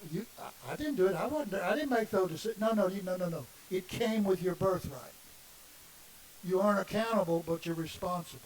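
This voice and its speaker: A man's voice: high voice, expressive, brisk. A middle-aged man, preaching an impassioned sermon full of emphatic rhetorical questions. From Southern United States. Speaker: minister. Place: congregation meeting room. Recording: distant mic with faint hiss.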